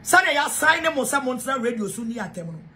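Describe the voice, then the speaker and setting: A woman's voice: sits high, big pitch swings, a little fast, pushed and bright. A Ghanaian woman with a Ghanaian accent, ranting to camera in a heated, repetitive way and mixing English with Twi. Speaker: self-styled preacher. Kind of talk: angry rant to camera.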